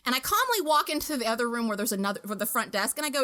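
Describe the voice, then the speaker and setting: A young woman hosting a podcast, telling a story in a casual, animated and profane way with bursts of laughter. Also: on the high side, racing, hardly any pauses. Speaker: podcast host.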